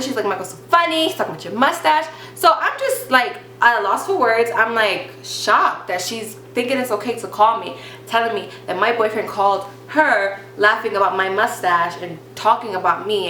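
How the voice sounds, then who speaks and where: A young woman tells a personal story in a casual vlog, talking in a chatty, animated way full of restarts. Her voice is bright and sharp. The room is echoey, with a faint hiss behind her. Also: medium pitch, moderate pace, hardly any pauses. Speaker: vlogger telling a story.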